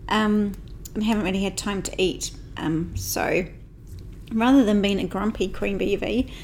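A woman's voice: medium pitch, measured pace, darkish tone, a little hiss or hum. A woman co-hosting a podcast in casual chat. She is chatty and self-mocking, and she laughs often while in neck and shoulder pain. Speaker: podcast co-host.

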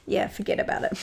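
A chatty woman co-hosting a podcast, telling stories freely and laughing easily. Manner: chatty, lively storyteller who laughs easily. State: recovering from illness. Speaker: podcast co-host. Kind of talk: casual chat.

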